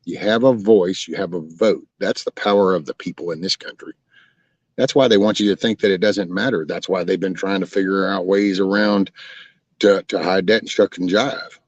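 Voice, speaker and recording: A Texan man with a low voice hosts a casual live stream, answering chat in a folksy, rambling way. His intonation stays fairly even and his pace is moderate. The recording is dry, with dull lo-fi stream audio.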